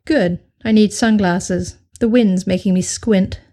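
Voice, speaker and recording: A woman's voice: medium pitch, fairly even intonation, measured pace, dark tone, natural voice. A woman reading aloud and voicing a playful English man who teases his partner with drawling banter. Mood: teasing. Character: teasing, cheerful English man, flirty.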